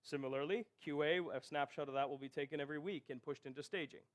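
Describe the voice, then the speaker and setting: A man's voice: fairly high pitch, fairly even intonation, quick pace. Man giving a technical conference talk. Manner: explanatory, rhetorical "right?" checks. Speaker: conference speaker. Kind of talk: technical presentation.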